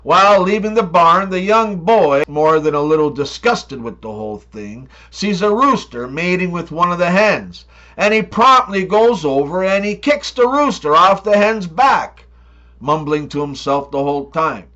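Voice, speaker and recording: A man telling a run of scripted jokes, with deadpan setups and playful punchlines. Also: sits high, normal speed, highs cut off. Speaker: comedy joke teller. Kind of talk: scripted joke monologue.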